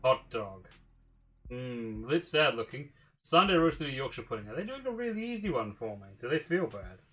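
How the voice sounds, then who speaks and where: A man's voice: mid-range voice, sing-song, normal speed, a bit bright, faint music behind. A man streaming a game, musing aloud in a casual, mildly profane way. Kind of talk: casual livestream commentary.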